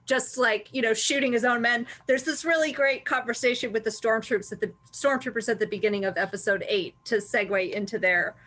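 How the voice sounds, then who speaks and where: A woman with a high, bright voice co-hosting a casual review chat. She is enthusiastic and analytical and laughs often as she digs into themes. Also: brisk, few pauses. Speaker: podcast co-host.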